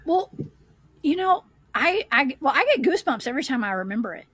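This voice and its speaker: A woman, a paranormal investigator, telling her story as a guest in a casual podcast chat, animated and rambling. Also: high voice, fairly quick, no room sound.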